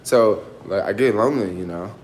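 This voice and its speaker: A man with a softened Black Southern American accent chats to his viewers in a casual livestream from home. He rambles in relaxed slang, circles back on his thoughts and keeps closing his lines with "yo.". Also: lowish voice, a little fast, echoey room, a little hiss or hum. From American South, family in Tennessee. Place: home in San Francisco.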